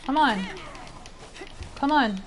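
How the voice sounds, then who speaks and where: Excitable young woman streamer. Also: high voice, takes it slowly. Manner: excitable, exclaims and rambles while gaming. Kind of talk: casual gameplay chat.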